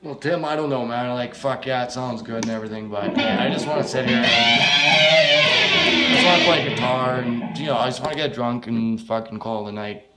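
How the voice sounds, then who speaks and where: A man's voice: mid-range voice, moderate pace, echoey room, loud music behind the voice, pitched above the performer's own voice, natural voice. A man voicing a bitter, worn-out young man who answers bluntly, exasperated and swearing at every turn. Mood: incredulous.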